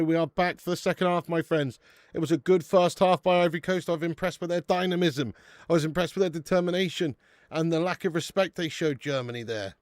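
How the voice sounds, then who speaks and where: A man's voice: fairly high pitch, darkish tone, no echo, studio quality. A young adult English man hosting a live football watch-along, chatting loosely, reading out viewer comments, swearing and laughing, and calling people mate and lad.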